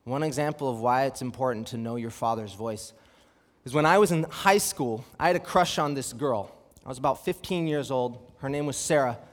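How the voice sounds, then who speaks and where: Animated young preacher in an echoing hall. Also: male voice, medium pitch, brisk. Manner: animated, asks rhetorical questions, reads scripture aloud. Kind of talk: sermon with personal storytelling. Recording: long hall reverb.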